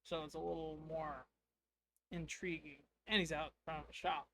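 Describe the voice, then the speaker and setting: A man's voice: a little high, flat delivery, normal speed, vocal fry, pushed and bright, a little hiss or hum. Casual man telling a game tale. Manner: rambling, playful, acts out lines. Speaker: streamer recounting a game. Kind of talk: casual tabletop storytelling to chat.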